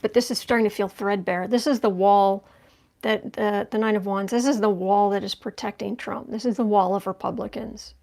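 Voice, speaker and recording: A woman's voice: medium pitch, steady tone, moderate pace, gravelly, a little mellow. A woman reading tarot cards on a livestream, thinking aloud in a conversational way as she turns each card. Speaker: tarot reader.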